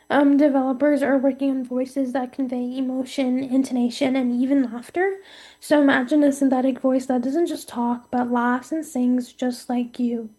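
A woman co-hosting a scripted podcast chat, reading steadily and often pausing with ums. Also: sits high, dark tone. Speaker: co-host.

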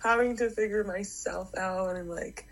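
A woman's voice: medium pitch, steady tone, measured pace, poor audio. A young woman with a congested voice from a cold, a university volleyball player chatting through interview answers with lots of fillers. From Canada. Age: young adult. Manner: chatty, lots of likes and ums.

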